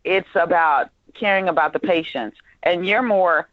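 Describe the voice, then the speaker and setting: Director type, lively and hands-on in rehearsal, muffled dry audio. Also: medium pitch, a little slow, no echo. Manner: animated, acts out lines mid-explanation. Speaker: director giving actors notes. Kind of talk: rehearsal notes, casual.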